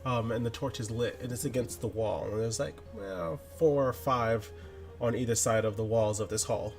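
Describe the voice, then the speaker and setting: A man narrating a tabletop role-playing game as game master, relaxed, with fillers and chuckles. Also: mid-range voice, moderate pace, gravelly, soft background music.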